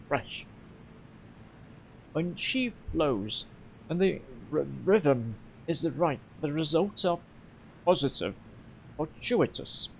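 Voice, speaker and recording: A man's voice: mid-range voice, vocal fry, a little hiss or hum, rough recording. A man with a Polish accent voicing a weary old male inventor who halts and stumbles over his words in a video game.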